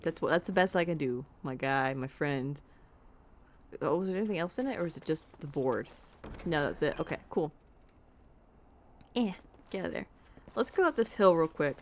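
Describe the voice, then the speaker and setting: A woman's voice: sits low, a little hiss or hum. Casual, self-deprecating woman streamer on a desk mic at home. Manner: chatty, self-deprecating, talks to her cat. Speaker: streamer playing a game. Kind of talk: casual let's-play chat. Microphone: desk microphone.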